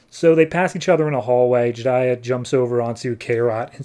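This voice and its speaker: This podcast host has a medium-pitched, steady voice that's mellow, clear and resonant. He recaps a comic book in a casual, offhand way, stuffed with fillers and quick put-on quotes.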